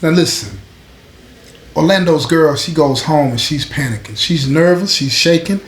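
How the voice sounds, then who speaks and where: A male host tells a true story in a loose, conversational way, slipping into street slang as he talks. His voice sits a little on the high side. The recording has a noticeable room echo and a faint hum behind it. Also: expressive, moderate pace. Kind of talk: casual storytelling.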